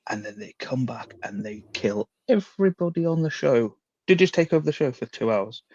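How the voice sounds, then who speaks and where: A man's voice: mid-range voice, lively intonation, moderate pace, darkish tone, dry recording. A man co-hosting a casual wrestling podcast, rambling through ideas with plenty of swearing. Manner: rambling, profane storytelling. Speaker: podcast co-host. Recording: dull dry lo-fi mic.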